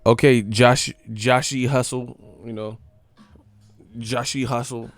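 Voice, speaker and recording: A man's voice: medium pitch, steady tone, slow pace, faint music behind. A man hosting a boxing channel, ranting casually on a live stream in a profane, mocking, rambling way.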